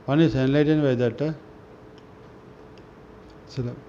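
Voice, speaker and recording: A man reading spiritual scripture aloud in a slow, halting way, often restarting words and clearing his throat. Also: mid-range voice, steady tone, dark tone. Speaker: reader of a spiritual newsletter. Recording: dull lo-fi recording with faint noise.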